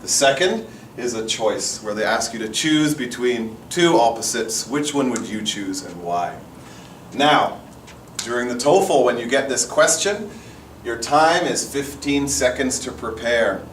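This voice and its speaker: A man's voice: mid-range voice, lively intonation, unhurried, fairly bright tone. Guy teaching test prep, firm short points, echoey room. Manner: firm, stresses key points with short phrases. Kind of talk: instructional talk. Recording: roomy echo, far from mic, faint noise.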